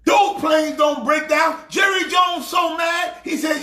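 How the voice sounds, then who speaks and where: A man with a very high, bright voice rants and shouts at a slow, drawn-out pace. He is a pastor mocking a team for laughs. His voice echoes around the room. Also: steady tone. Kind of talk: comedic sports rant.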